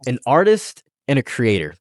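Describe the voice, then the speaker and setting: A man hosting a casual commentary chat, rambling and joking with excitable bursts. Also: mid-range voice, normal speed, no room sound, studio quality. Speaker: channel host.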